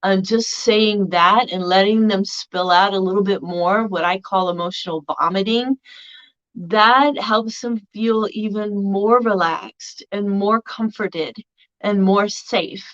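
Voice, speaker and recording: A woman's voice: mid-range voice, takes it slowly, fairly bright tone. Woman teaching casually, lo-fi sound. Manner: conversational, frequent fillers and restarts. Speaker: spiritual teacher.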